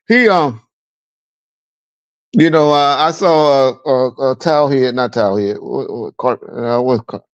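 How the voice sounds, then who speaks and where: A man hosting a live stream, reacting to a clip with loud mocking laughter and profanity. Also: medium pitch, takes it slowly, pauses often, no room sound. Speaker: live show host. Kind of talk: casual live-stream commentary. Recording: dull dry lo-fi sound.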